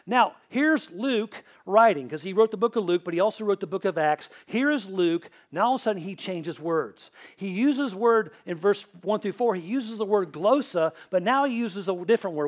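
A man's voice: sits high, animated, fairly quick, hardly any pauses. A man with a Tennessee accent, a pastor preaching a sermon who keeps quizzing the congregation. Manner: asks the congregation questions, answered with "right?". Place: church.

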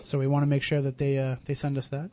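A man's voice: medium pitch, completely flat delivery, quick pace, warm tone. A man hosting a radio talk show, chatting casually with many fillers and restarts.

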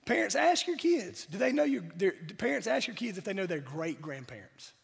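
A man from South Georgia with a Southern accent, preaching a sermon while hoarse from a cold, mixing wry jokes to the congregation into his points. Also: high voice, big pitch swings, a little fast. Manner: wry, joking asides to the congregation. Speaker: pastor. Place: church sanctuary. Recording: church hall reverb.

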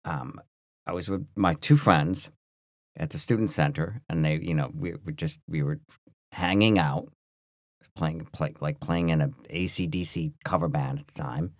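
A man with a very low voice tells a story on a podcast, loose and rambling, with lots of restarts and fillers. The sound is dry and close, with no room behind it. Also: normal speed, no room sound. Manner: rambling, full of restarts and "like", animated. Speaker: podcast co-host. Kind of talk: casual storytelling chat.

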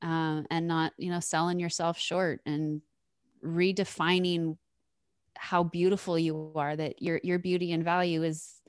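A woman's voice: on the low side, level tone, measured pace, clear, resonant tone, dry recording, clean studio sound. A woman hosting a podcast in casual chat, talking in an encouraging way and laughing easily. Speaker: podcast host. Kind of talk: casual chat, motivational wrap-up.

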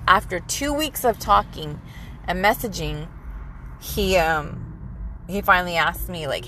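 A woman's voice: lowish voice, moderate pace, slight background noise. Blunt young woman telling a dating story. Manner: animated, blunt, swears freely, says "like" often. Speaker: storyteller in a chat. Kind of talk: casual chat.

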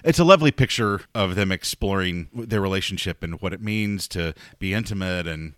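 A man's voice: low voice, brisk, fairly bright tone, no room sound, studio quality. A man co-hosting a book podcast, chatting frankly and swearing freely. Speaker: podcast co-host. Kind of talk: casual book discussion.

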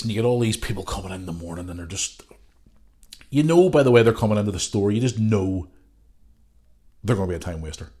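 A man's voice: on the low side, a little mellow. A man, who has a cold, ranting casually and swearing freely as the solo host of his podcast. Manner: ranting, sweary, loose and rambling.

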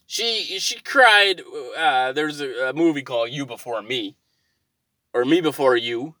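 Guy rambling thru a story, kinda high voice, cussing, dry close sound. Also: animated, measured pace, no room sound. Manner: rambling, profane, gets loud and exasperated. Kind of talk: casual storytelling monologue.

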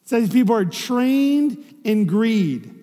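A man with a notably high speaking voice delivers a sermon as a pastor, chatty and conversational. He keeps checking in with the room through rhetorical questions. His words trail off into a long hall reverb. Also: animated, slow pace, mellow.

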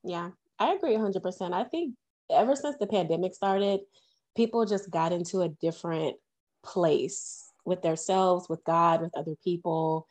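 A woman's voice: on the low side, normal speed, a little mellow. A woman guest on a podcast, speaking in an agreeable, reflective, conversational way. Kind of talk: casual conversation.

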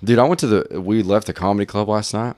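Young man, podcast host, casual chat, very low voice, laughs a lot. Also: quick pace, a little mellow, no echo. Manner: loose, laughing storyteller.

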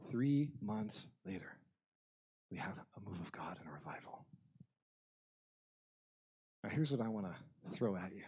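A man preaching a sermon, blunt and humorous, swinging between loud passages and hushed ones. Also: lowish voice, husky. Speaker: pastor.

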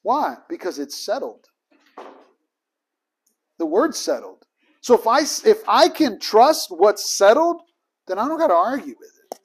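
A man's voice: sits high, very animated, unhurried, long pauses, breathy edge. A man teaching a ministry training group in a casual, emphatic way, acting out both sides of the conversations in his stories.

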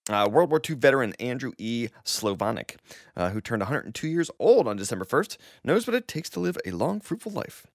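A man's voice: mid-range voice, big pitch swings, brisk, vocal fry, no room sound, clean studio sound. A man co-hosting a casual podcast, reading news items aloud and joking along the way. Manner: reads out news items with jokey asides. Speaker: podcast co-host. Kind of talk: casual chat.

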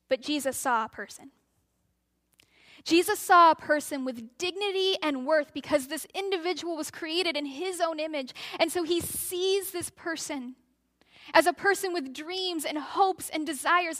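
A woman's voice: sits high, fairly bright tone. A woman preaching a sermon, telling a story and acting out the voices of the crowd.

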